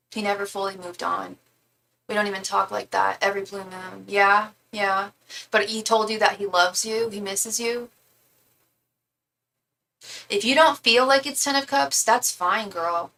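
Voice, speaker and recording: A young woman talks through a live tarot reading in a loose, rambling, chatty way. Her voice is bright with some gravelly fry. She sits a little back from the mic, with faint noise in the room. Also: recorded from a distance, low-quality recording. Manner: chatty, rambling, repeats invocations in a low murmur. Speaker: tarot reader. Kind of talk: live-stream tarot reading, casual chat.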